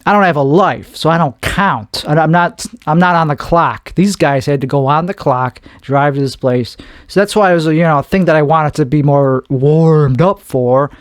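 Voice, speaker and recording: A man's voice: a little high, normal speed, no room sound, clean studio sound. A man hosting his own podcast, rambling and making fun of himself. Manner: rambling and self-mocking. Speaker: podcast host. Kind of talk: solo comedic podcast chat.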